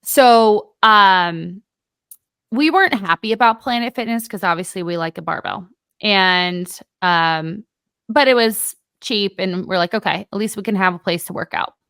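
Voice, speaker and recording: Animated woman telling a story. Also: mid-range voice, unhurried, clear, resonant tone, dry recording. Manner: animated storyteller who acts out both sides of an argument. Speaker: podcast co-host. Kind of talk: casual storytelling chat.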